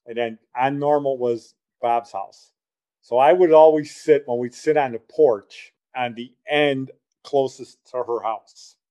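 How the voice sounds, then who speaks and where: Older man, casual storytelling, rambling and folksy, dark mellow tone. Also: mid-range voice. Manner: rambling, folksy, with fillers and quoted dialogue.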